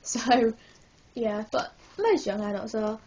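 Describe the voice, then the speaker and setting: A woman's voice: on the high side, lively intonation, slow pace, a little mellow. A woman vlogging a casual book review, hyper and giggly, rambling with lots of apologetic asides.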